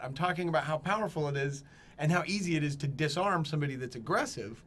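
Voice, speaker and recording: High-voiced Kansas comedian host, animated. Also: male voice, quick pace. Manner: animated storyteller, acts out voices of others. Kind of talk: casual chat.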